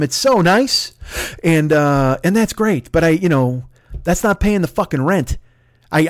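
High-voiced man in a heated profane rant. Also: darkish tone, no room sound, studio quality. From United States. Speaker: podcast host. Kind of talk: ranting monologue.

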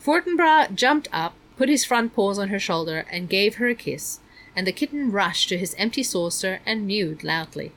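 A woman narrating a children's novel in a measured, even storytelling manner. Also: medium pitch, rough recording. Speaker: audiobook narrator.

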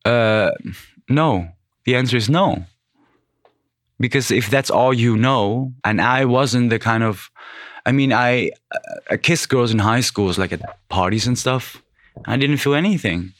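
A man's voice: mid-range voice, a little slow, a bit bright, no echo, clean studio sound. A man in his thirties who grew up in the Netherlands, a podcast guest speaking bluntly and frankly in casual chat, swearing freely. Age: 30s.

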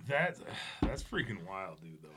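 A man's voice: sits low, big pitch swings, a little slow, background noise. A man on a podcast, giving short laughing reactions in casual chat. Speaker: podcast guest.

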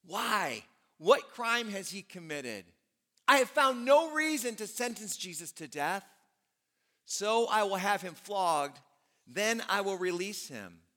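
Male pastor as an incredulous Roman governor, high-pitched and pleading with a crowd. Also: very animated, slow pace, sharp tone, long reverb tail, full character voice. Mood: insistent.

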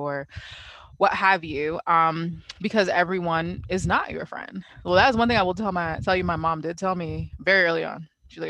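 A woman in a casual chat, thoughtful and measured, pausing with fillers as she thinks. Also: fairly low pitch, pushed and bright, no room sound, poor audio.

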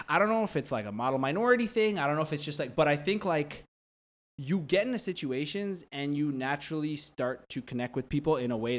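A young adult man co-hosting a casual chat; he rambles, fills his talk with "like," and slips into quick impressions. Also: a little high. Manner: rambling, heavy use of "like" fillers; animated, drops into quick voice impressions.

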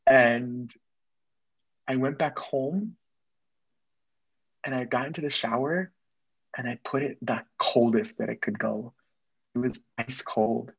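A young man, a guest, telling a personal story in casual conversation, quick and earnest, slipping in Spanish phrases. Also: medium pitch, fairly even intonation, creaky, husky, dry recording, rough recording.

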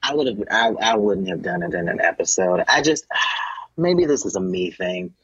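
A man co-hosting a podcast in casual chat, telling animated stories that jump into high comic voices. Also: moderate pace, slightly rough, dry recording, highs cut off. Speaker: podcast co-host.

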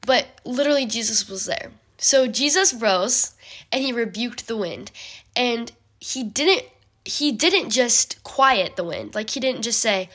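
A young woman giving a casual bible study talk, chatty and full of fillers, often clearing her throat. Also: on the high side, expressive, slow, fairly bright tone.

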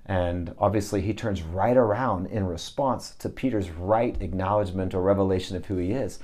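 A man with a very low, warm and mellow voice speaks as a guest in an interview. He talks earnestly, in a preacher-like way, telling stories and quoting scripture. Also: brisk, few pauses. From Texas. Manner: earnest, storytelling with scripture quotes. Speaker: ministry leader, guest.

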